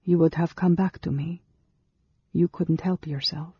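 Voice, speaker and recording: A reader putting on a soft-spoken mysterious young woman. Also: on the low side, steady tone, unhurried, breathy edge, dull audio, heavily acted. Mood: soft, tender. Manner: soft, murmuring. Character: gentle mysterious non-human young woman.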